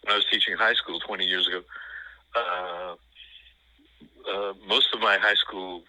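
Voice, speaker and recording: An older man with a New York accent, talking in an interview in a rambling, halting way with many fillers and restarts. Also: low-pitched, steady tone, pushed and bright, no room sound, low-quality recording. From New York City. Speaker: guest. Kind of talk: conversational interview.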